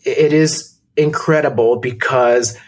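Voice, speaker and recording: Husky-voiced male podcast host. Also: mid-range voice, steady tone, unhurried. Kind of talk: casual interview chat.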